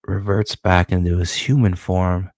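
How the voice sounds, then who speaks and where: A man, a comic book creator, walking through his comic in profane, animated storytelling. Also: sits low, measured pace, no room sound, clean studio sound. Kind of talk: casual comic-book walkthrough.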